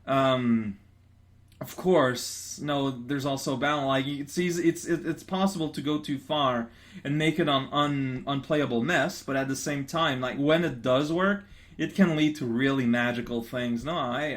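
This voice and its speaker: A young man rambles playfully through casual gaming commentary as a let's player, often stammering and restarting his sentences. His mid-range voice keeps a steady tone at a measured pace, with faint game music in the background.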